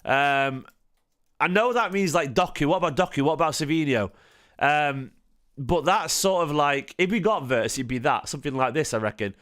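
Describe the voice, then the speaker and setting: A man's voice: a little high, lively intonation, moderate pace, fairly bright tone, clear, resonant tone. A tired man, hosting a casual football fan stream, rambling with frequent restarts and questions to his chat. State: tired, half asleep. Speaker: football fan channel host.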